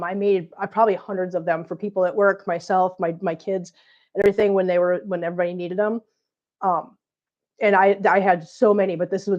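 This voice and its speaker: A woman's voice: mid-range voice, a little mellow, muffled recording. A middle-aged woman, sick and coughing, chatting casually and rambling with viewers on her live stream. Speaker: vlog host reading live chat.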